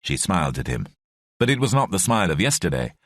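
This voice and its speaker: A man reading an audiobook in measured, expressive scripted narration. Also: deep voice, no echo, clean studio sound.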